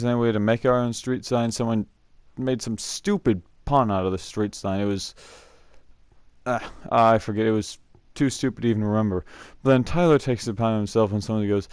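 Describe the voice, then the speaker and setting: A man's voice: lowish voice, a little mellow, clear, resonant tone, no echo, studio quality. A young man casually telling rambling camp stories, laughing often and filling gaps with "uh". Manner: rambling, laughs often, many fillers and restarts. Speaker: scout camp storyteller. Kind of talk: casual storytelling vlog.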